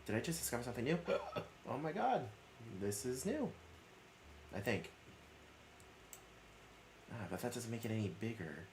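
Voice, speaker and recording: A man's voice: medium pitch, very animated, moderate pace, long pauses, slight background noise. A man hosting a casual live stream, chatting with viewers and reading their comments aloud. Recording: roomy echo.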